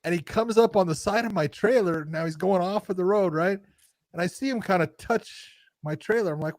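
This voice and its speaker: A man's voice: high voice, fairly quick, no room sound, studio quality. A man co-hosting a podcast, telling a story in casual chat, laughing as he talks and acting out the quotes. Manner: animated storyteller, laughs mid-sentence, acts out quotes. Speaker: podcast co-host.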